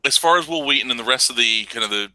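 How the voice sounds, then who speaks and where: A man's voice: mid-range voice, animated, fast talker, sharp tone, rough recording. A man hosting a podcast, talking in casual, profane, mocking chat and laughing often. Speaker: podcast host.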